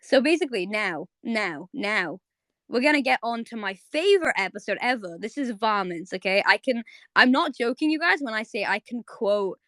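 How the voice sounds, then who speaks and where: This young woman has a fairly high voice and talks at a normal speed while hosting a live audio chat. Excitable and rambling, she keeps restarting and dropping fillers as she goes over a favorite cartoon episode. There's no echo on her streaming audio mic.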